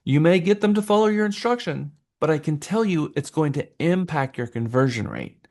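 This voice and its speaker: Lively man teaching real estate sales. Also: on the high side, normal speed. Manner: lively, acts out buyers' voices. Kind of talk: classroom lecture.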